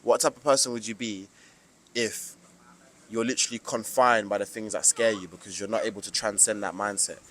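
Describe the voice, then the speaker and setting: A man's voice: fairly low pitch, fairly even intonation, brisk, fairly bright tone. A young man from the UK with a British accent, giving an emphatic, preachy motivational monologue to camera with lots of slang. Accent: British English. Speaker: vlogger.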